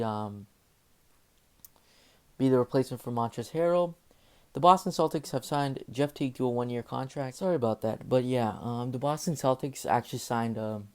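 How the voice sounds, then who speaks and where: A man's voice: mid-range voice, dark tone, smooth. A young man casually reading out sports news as host, hesitant with many fillers and self-corrections. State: slightly out of breath. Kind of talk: casual unscripted news rundown.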